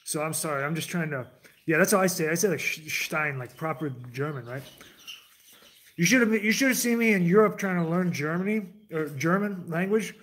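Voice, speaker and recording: Man streaming, slightly raised pitch, rambly off-the-cuff talker who drifts between tangents. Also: brisk, fairly bright tone. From United States. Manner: digressive, restarts sentences, jumps between tangents. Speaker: livestream host. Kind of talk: casual rambling monologue to chat.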